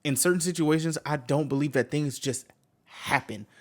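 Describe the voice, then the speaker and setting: A man's voice: on the high side, moderate pace. Slangy man rambling at his viewers. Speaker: reaction streamer. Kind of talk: casual reaction commentary.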